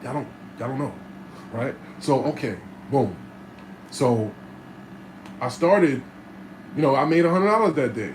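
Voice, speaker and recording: A man telling stories from his life in a casual monologue, streetwise and animated, swearing freely and acting out the voices of people in his stories. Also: medium pitch, a little slow, long pauses, slight background noise, poor audio. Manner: streetwise, animated storyteller who acts out voices and cusses freely.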